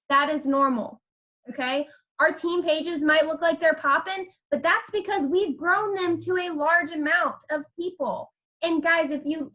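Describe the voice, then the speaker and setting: A woman's voice: high-pitched, a bit bright. A woman coaching her team on a group call, emphatic and stressing points with a repeated "okay?". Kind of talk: coaching talk.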